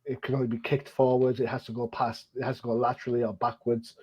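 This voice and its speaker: A man's voice: medium pitch, flat delivery, fast, breathy edge. Older guy hosting a pod, rambly and jokey, kinda muffled sound. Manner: chatty and self-deprecating, many fillers. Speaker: podcast host. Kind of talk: casual chat. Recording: dull lo-fi sound.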